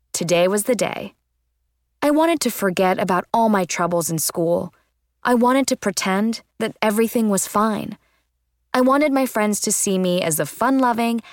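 Brief: woman audiobook narrator, first-person storybook reading, expressive, dry close sound. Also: mid-range voice, no room sound. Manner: lively, expressive reading with character voices.

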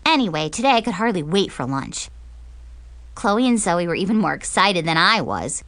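A woman's voice: fairly low pitch, sing-song, normal speed, a bit bright, dry recording. A woman narrating a teen diary audiobook in the first person, sarcastic and dramatic.

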